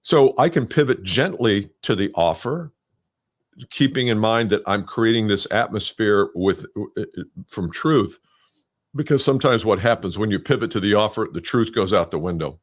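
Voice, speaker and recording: A man's voice: on the low side, animated, moderate pace. A middle-aged man coaching salespeople in a conversational, emphatic solo talk.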